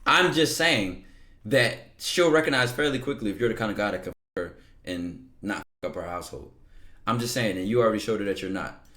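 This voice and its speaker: A man reads viewers' messages aloud on his stream and reacts to them. He talks in a loose, blunt, slangy way and often breaks into loud disbelief. The sound carries a noticeable room echo. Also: lowish voice, animated, brisk. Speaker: host reading viewer messages. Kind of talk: casual commentary reading DMs. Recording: echoey room.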